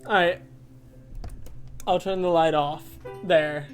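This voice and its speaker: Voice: mid-range voice, slow, faint music behind. A streamer chatting casually during a live game stream, telling stories with frequent laughter. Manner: giggly, animated storytelling.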